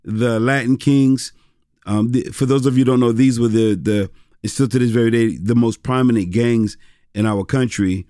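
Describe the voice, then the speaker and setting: A middle-aged man who is a pastor tells stories in an easygoing interview. He rambles with many fillers and restarts in a mid-pitched voice. The sound is dry and close. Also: fairly even intonation, normal speed, mellow, dry recording. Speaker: pastor and former rapper. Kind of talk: casual interview storytelling.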